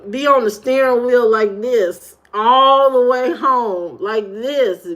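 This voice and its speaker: High-voiced woman with an Indiana accent. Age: adult. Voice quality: high youthful-sounding voice. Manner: animated storytelling, jumps high when retelling. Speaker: livestream host. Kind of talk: casual livestream chat reading comments.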